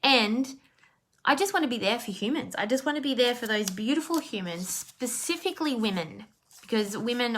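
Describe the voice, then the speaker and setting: A woman's voice: a little high, sharp tone. Woman life coach on a live talk, emotional, rambling, lots of ums and restarts. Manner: heartfelt, rambling, with many fillers and restarts.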